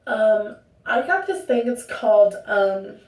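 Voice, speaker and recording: Slow-paced and expressive, a young vlogger at home talks casually to camera at medium pitch, rambling and cutting across her own sentences. She's far from the mic, so the room's echo comes through.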